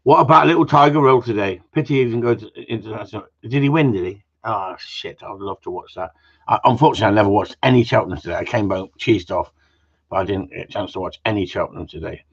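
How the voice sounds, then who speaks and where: In muffled, lo-fi audio, a man with a fairly low, fast, breathy-edged voice hosts a casual live Q and A stream. He rambles, jokes, swears freely and tags questions onto his remarks.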